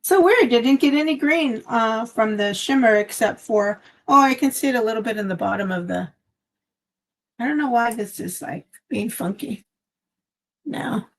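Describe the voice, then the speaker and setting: A woman's voice: fairly high pitch, animated, normal speed. A woman hosting a casual craft live stream from home, chatting in a meandering way with lots of fillers, recorded on a phone. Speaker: craft channel host.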